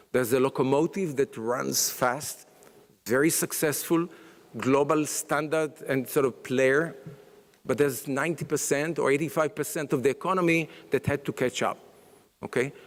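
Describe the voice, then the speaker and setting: A man, a scientist and professor, giving a summit talk in a halting way, full of restarts, fillers, "sort of" and "okay?". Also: mid-range voice. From Israel. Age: older. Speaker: conference speaker. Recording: long reverb of a large hall.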